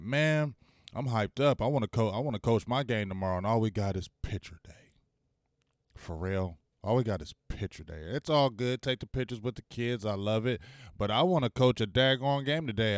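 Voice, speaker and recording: A man in his forties hosting a casual live-stream sports talk show, energetic and salty, firing off shout-outs. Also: lowish voice, clear, resonant tone, dry recording, clean studio sound.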